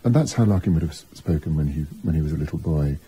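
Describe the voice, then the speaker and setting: A biographer talking reflectively in an interview, thinking aloud with asides and restarts. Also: male voice, a bass voice, expressive, fast talker, mellow, slightly rough, poor audio.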